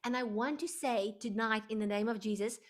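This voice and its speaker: Emotional woman, fairly high voice. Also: brisk. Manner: emotional, expressive, preacher-like. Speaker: workshop host. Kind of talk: live online workshop talk.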